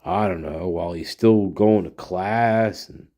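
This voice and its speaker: Profane, slow-talking male host ranting. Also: sits low, warm tone. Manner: profane, sarcastic, rambling. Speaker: podcast host. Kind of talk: solo commentary rant.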